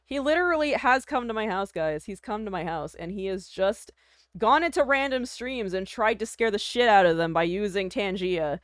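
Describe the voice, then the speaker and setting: A woman's voice: mid-range voice, animated, moderate pace, dry recording, studio quality. A woman streaming live, chatting casually with her viewers, self-deprecating, laughing often and swearing freely.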